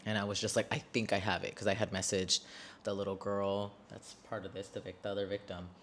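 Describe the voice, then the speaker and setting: A man's voice: lowish voice, level tone, brisk, a bit bright, a little hiss or hum. A man in his twenties telling a personal story to camera, emotional and blunt, swearing often and repeating phrases when worked up. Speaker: vlogger.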